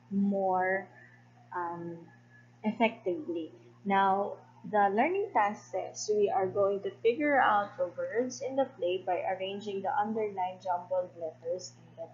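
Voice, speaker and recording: A woman teacher walks students through a recorded English lesson. She explains slowly and patiently, with plenty of fillers. The audio is dull and lo-fi, with a faint hum underneath. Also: mid-range voice, a little mellow.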